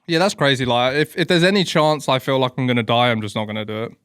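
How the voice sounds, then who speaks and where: Young male co-host, sarcastic blunt banter, smooth tone, close dry recording. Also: mid-range voice, fast talker, a bit bright, dry recording. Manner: blunt, sarcastic, swears casually. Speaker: podcast co-host. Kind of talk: crude casual banter.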